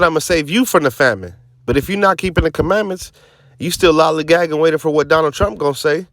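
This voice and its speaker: A man's voice: fairly high pitch, no room sound, clean studio sound. Emphatic streetwise man preaching scripture. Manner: mocking, sarcastic asides. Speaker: teaching officer of a religious group.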